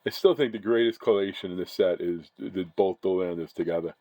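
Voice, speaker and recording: A man's voice: sits low, fast talker, warm tone, dry recording, low-quality recording. A man casually chatting as he opens trading card packs, rambling and often correcting himself. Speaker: card-breaking channel host. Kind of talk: casual chat while opening card packs.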